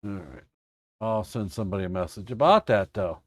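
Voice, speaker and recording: A man with a fairly low voice hosts a casual live trading chat. He jokes and teases as he goes. The sound is close and dry. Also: expressive, brisk, dry recording. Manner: joking, playful, teasing. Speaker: trading coach host.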